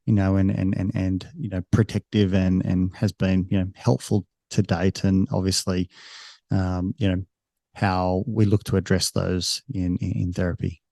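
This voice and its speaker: Gravelly low-voiced male host. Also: little pitch movement, moderate pace, warm tone, no room sound, studio quality. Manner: rambling, repeating words as he frames questions. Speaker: podcast host. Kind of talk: interview questions.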